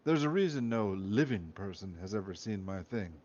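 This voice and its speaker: Spoof villain: man playing a low, deadpan Russian commander, slow and menacing, muffled lo-fi audio. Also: natural voice. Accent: Russian (put-on). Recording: dull lo-fi recording.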